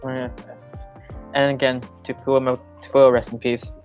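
A man hosting a live-stream interview, asking questions in a quick, loose way, hunting for words. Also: mid-range voice, flat delivery, highs cut off, soft background music. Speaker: interviewer host.

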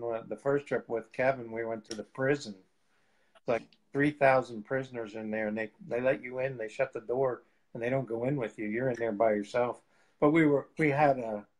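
A man's voice: medium pitch, poor audio. A man, a guest evangelist, telling testimony stories in a casual live chat, laughing and acting out what people said. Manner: lively storyteller, laughs often, acts out quotes.

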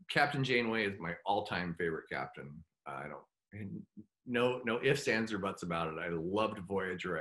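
A middle-aged man speaking as a guest in a casual interview, halting and heartfelt. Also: on the low side, pushed and bright. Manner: halting, full of fillers and restarts; heartfelt, open about his feelings. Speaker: guest actor.

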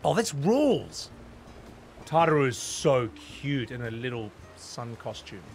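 A young man streaming a game, chatting casually and excitably to his viewers with laughs and apologies. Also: mid-range voice, measured pace, soft background music. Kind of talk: casual game commentary to chat.

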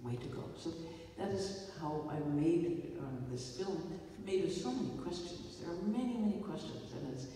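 A woman's voice: lowish voice, lively intonation, normal speed, few pauses, mellow. A woman filmmaker speaking to an audience after a screening, telling rambling stories with a wry, playful humor. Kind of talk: stage talk to an audience. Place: large theater hall. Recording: echoey hall from far off, faint noise.

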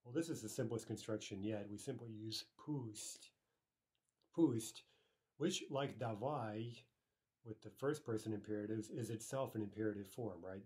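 A man's voice: lowish voice, moderate pace, a little mellow, husky. A man teaching a language lesson, patiently explaining grammar and repeating each example aloud.

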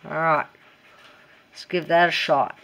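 A woman's voice: low-pitched, steady tone, a little slow, fairly bright tone. Chatty, giggly woman crafting. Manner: chatty, giggly, talks to herself. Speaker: DIY craft vlogger. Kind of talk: casual craft tutorial.

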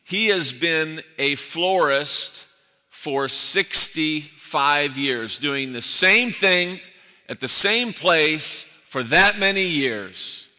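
A man's voice: a little high, animated, drawn-out words, bright, forceful tone. A man preaching a sermon as pastor, earnest and building emphasis through repeated phrases. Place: church sanctuary. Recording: echoey church hall.

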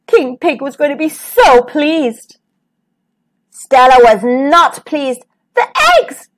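A woman hosting a storytime channel, reading a children's picture book aloud with lively expression. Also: high voice, slow pace. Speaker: storytime host.

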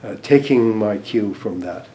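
Slow, low-voiced older American man. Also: dark tone. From United States. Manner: hesitant, many restarts and ums. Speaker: former diplomat recalling events. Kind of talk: interview recollection.

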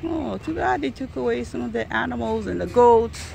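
Gravelly high-voiced woman cooing at animals. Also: expressive, moderate pace, a little mellow, slight background noise. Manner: coos at animals in a playful sing-song voice. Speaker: vlogger filming a ranch visit. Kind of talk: casual running commentary. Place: outdoors at an animal ranch.

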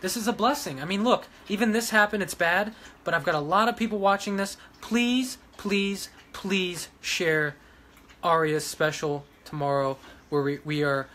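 A man who runs a dog rescue, ranting emotionally to his followers, pleading one moment and shouting defiance the next. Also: sits high, fairly even intonation, moderate pace. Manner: agitated, pleading, swings between quiet and loud. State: emotional after crying. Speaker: vlogger running a dog rescue.

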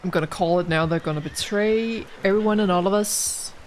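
A woman's voice: mid-range voice, brisk, a little hiss or hum. A woman giving casual gameplay commentary, rambling frankly and with exasperation about the story as a let's play gamer.

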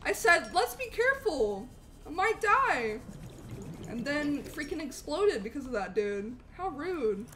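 A young woman streaming a game live, chatting with viewers in a bubbly, animated way and eagerly thanking them. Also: sits high, a little slow, a little hiss or hum. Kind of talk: live gameplay stream chat.

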